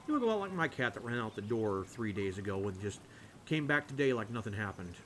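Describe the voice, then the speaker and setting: A man's voice: lowish voice, big pitch swings, fairly quick, a bit bright, slight background noise. A man doing casual game commentary while playing, in a playful and offhand way. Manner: playful and offhand, hums silly sounds. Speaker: let's-play host.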